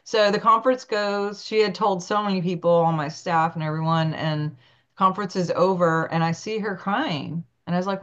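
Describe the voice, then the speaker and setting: Lively woman telling stories, lo-fi audio. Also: normal speed. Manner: animated, acts out quotes with big pitch jumps. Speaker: guest, naturopathic doctor. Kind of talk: storytelling in an interview.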